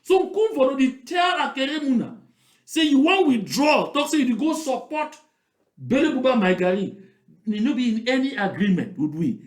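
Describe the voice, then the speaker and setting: A man with a Cameroonian Pidgin English accent delivers a mocking political commentary. He hammers his points home by repeating them, and his high voice swings widely in pitch. The sound is roomy, with a clear echo. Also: sing-song, moderate pace.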